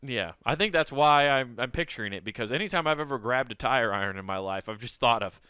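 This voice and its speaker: A man co-hosting a podcast, joking crudely, laughing often and breaking into loud mock voices. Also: mid-range voice, animated, quick pace, smooth, no room sound, studio quality. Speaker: podcast co-host. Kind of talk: casual comedic banter.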